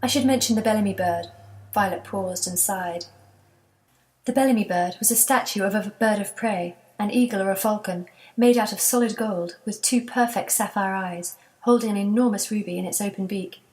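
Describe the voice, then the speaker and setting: A woman narrating a children's chapter book in a steady, gentle storytelling manner. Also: medium pitch, moderate pace. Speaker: audiobook narrator.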